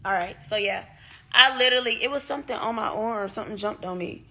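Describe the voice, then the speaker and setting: Animated young woman telling a story. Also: mid-range voice, fast talker. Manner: animated, profane, talks straight to her audience. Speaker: vlogger. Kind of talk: casual storytime to viewers.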